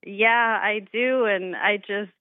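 A woman's voice: medium pitch, slow pace, dry recording. A woman caller on a radio show, emotional and grateful, laughing often. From California. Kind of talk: phone call to a radio show. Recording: tinny phone line.

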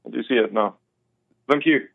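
A man's voice: medium pitch, normal speed, gravelly, no room sound. A man calling in by phone, eagerly agreeing and thanking the host. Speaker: caller. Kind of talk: phone call-in chat. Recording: tinny phone line.

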